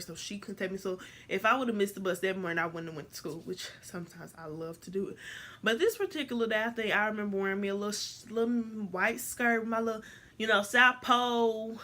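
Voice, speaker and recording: A teenage girl vlogger telling a casual storytime, rambling with many restarts and jumping into voices for quotes. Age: teens. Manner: animated, jumps into high voices to act out quotes.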